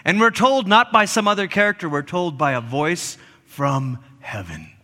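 A man preaching a sermon, telling the story in an animated way with playful asides. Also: fairly high pitch, moderate pace, long reverb tail. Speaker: pastor.

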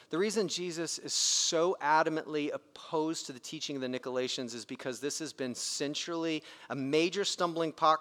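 A man's voice: mid-range voice, a bit bright. A man preaching a sermon in an emphatic, conversational way, his volume rising and dropping sharply. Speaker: pastor. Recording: reverberant hall.

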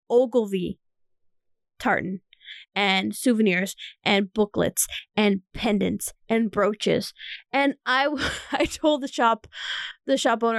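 Tipsy high-voiced woman telling a story. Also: no echo, clean studio sound. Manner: animated, laughing storyteller, swearing freely. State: tipsy from vodka shots. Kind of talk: casual storytelling chat.

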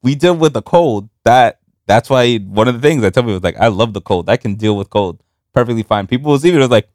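Casting: man in his 30s, New York-raised, animated co-host, dry close sound. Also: mid-range voice, fast, dry recording. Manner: animated storytelling, laughs often, mixes in Spanish words. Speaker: podcast co-host. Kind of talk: casual chat over beers.

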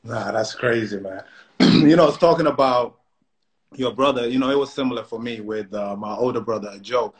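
A man's voice: medium pitch, normal speed. A man in his thirties with a South London accent, co-hosting a casual live-stream chat in playful banter on a phone mic. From South London, England. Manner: playful banter, lots of "you know" and "man". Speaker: co-host. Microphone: phone on a live video stream.

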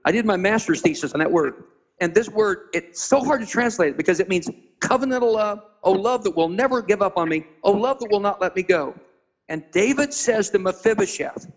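A man preaching as a guest, retelling a Bible story dramatically and acting out the characters with sudden high-pitched voices. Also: animated, rough recording. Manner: spells out and stresses Hebrew words slowly. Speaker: pastor being interviewed.

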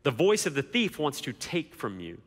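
A man's voice: a little high, wildly swooping pitch, normal speed, slightly rough. A man preaching a sermon as pastor, emphatic, with repeated rhetorical questions. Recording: long hall reverb.

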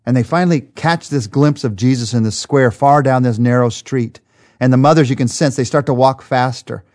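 An earnest male Bible teacher leads a daily study, setting the scene like a storyteller and pausing to restart a word now and then. His voice sits in an ordinary, middle register for a man. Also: mid-range voice, a little mellow. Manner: earnest storytelling, vivid retelling with small restarts.

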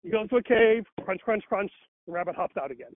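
A man's voice: high-pitched, animated, fast, no echo. A man talking casually in a conversation, rambling, with many fillers and restarts. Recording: dry tinny phone-like line.

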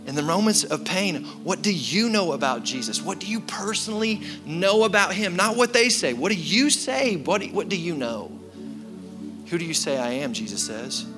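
A man in his thirties preaching a sermon as pastor, telling a story with animated shifts from loud to quiet. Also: fairly high pitch. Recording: sermon with music behind. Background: music.

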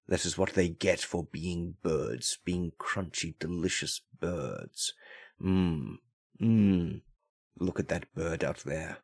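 A man's voice: low voice, dry recording, clean studio sound, exaggerated voice. A man voicing a pompous, self-important male house cat in a comedic monologue, with grand, haughty, formal speech.

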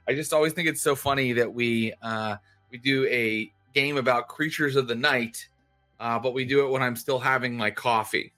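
Bright-voiced man hosting a tabletop game. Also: mid-range voice, faint music behind. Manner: chatty, many fillers, quick recap. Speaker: storyteller, host.

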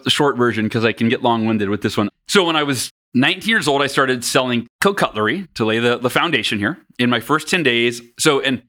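A man in his forties, a podcast guest, telling candid personal stories in an animated, self-mocking way. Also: mid-range voice, a little fast, hardly any pauses.

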